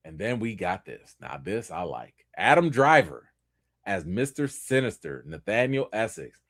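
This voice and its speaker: Animated man hosting a livestream. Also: fairly low pitch, a little slow, no echo, studio quality. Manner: emphatic, animated, repeats points for effect. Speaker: livestream host. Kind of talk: casual commentary livestream.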